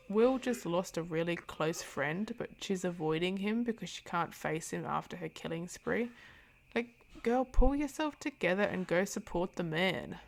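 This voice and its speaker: A woman talks through a novel in a casual review vlog, blunt and sarcastic, with animated asides. Her voice is low-pitched and gravelly with steady vocal fry. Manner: candid, sarcastic, animated commentary. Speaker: book reviewer.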